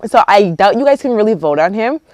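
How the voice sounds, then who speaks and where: A young woman from Canada vlogging outdoors, chatty and animated, telling a storytime with lots of quoted dialogue. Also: medium pitch, a little fast, no room sound. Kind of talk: casual storytime vlog. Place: outdoors near a yard with roosters and hens. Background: roosters and hens.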